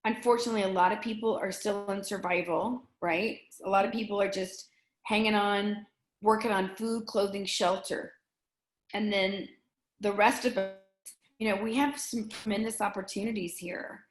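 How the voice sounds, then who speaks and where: A middle-aged woman speaking earnestly and emotionally as an interview guest, often halting and restarting her sentences. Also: mid-range voice, fairly even intonation, reverberant. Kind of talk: candid conversation.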